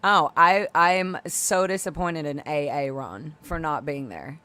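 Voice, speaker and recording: A woman on a live video call telling a story in casual chat, animated and loudly acting out the quoted lines. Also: sits low, a little slow, clean tone. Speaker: guest on live stream.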